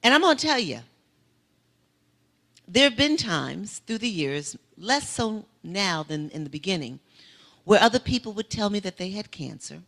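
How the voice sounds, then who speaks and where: A woman preaching a testimony in a church sanctuary. Her voice is lively and full of movement, carrying her story along with rising, emphatic swells. She speaks as a guest speaker in a sermon. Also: medium pitch, moderate pace.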